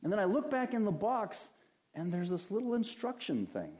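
A pastor preaching a sermon in a conversational way, mixing scripture with homely stories and rhetorical questions. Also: male voice, high-pitched, huge pitch swings, moderate pace, a little mellow.

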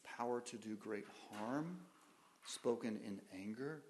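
A man's voice: fairly low pitch, slow pace, slight background noise. Man preaching a sermon, questioning his listeners. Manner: asks the congregation questions, swings between loud emphasis and quiet. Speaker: pastor.

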